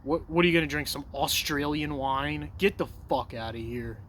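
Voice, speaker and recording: A man's voice: a little high, moderate pace, a bit bright, a little hiss or hum. A man talking to camera in a loose, rambling monologue, cursing freely and calling the listener bro and dude. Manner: loose, profane, says "bro" and "dude" a lot; self-assured and digressive, trails off mid-thought. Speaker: vlogger.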